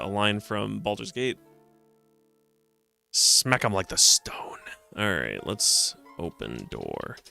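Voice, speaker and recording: A man's voice: on the low side, vocal fry, bright, forceful tone. A man streaming a retro adventure game, joking around and reading the game's text aloud. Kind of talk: casual game commentary.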